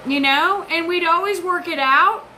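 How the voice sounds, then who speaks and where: A woman's voice: very high voice, moderate pace, pushed and bright, slight background noise, poor audio. A woman in her forties giving an intense, rambling, profane personal monologue. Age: 40s. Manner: intense, rambling, profane, jumps between topics.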